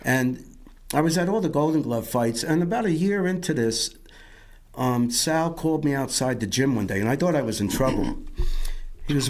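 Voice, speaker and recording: A man's voice: mid-range voice, moderate pace, a little mellow. A middle-aged man from Yonkers, telling his life story as an interview guest in a rambling way, often repeating words and acting out what others said. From Yonkers, New York.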